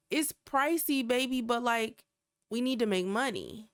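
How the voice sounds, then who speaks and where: A woman's voice: on the high side, measured pace, no echo, studio quality. A woman hosting a life-simulation game channel, giving chatty, exclamatory let's play commentary straight to her viewers. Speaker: gaming channel host.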